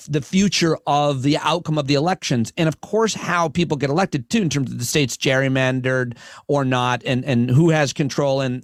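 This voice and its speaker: A man, a comic and podcast host, talking as a guest on a casual podcast and building long, earnest arguments in quick bursts. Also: mid-range voice, dry recording, clean studio sound.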